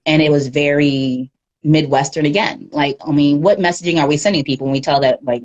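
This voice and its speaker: A woman with a deep, low-set voice gives a candid livestream interview. She talks in an animated, unguarded way and laughs often. She is heard through a phone or webcam mic. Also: brisk, highs cut off. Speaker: guest media professional.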